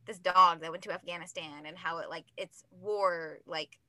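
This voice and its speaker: A woman's voice: lowish voice, steady tone, normal speed, sharp tone, no room sound. A young adult woman co-hosting a book podcast, talking in a rambling, giggly, self-mocking way. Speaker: podcast co-host. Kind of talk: casual chat.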